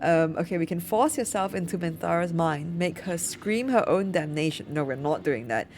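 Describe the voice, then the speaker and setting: Excitable woman commentating gameplay. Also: on the low side, normal speed, slight background noise. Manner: chatty, excitable, apologetic. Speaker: let's play streamer.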